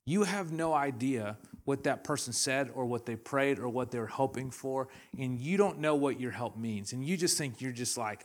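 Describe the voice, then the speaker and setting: A man's voice: mid-range voice, expressive, normal speed, hardly any pauses. A young adult man from Canada preaching a sermon, telling stories animatedly with laughter and acted-out quotes. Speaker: pastor. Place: church hall.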